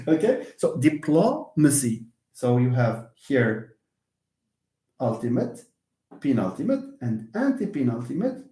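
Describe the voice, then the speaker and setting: A man leads a live English lesson, his voice sitting a little high and swinging widely. He drifts into Arabic asides and playfully mimics wrong stress. The room around him is echoey. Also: darkish tone. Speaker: English teacher. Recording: roomy echo.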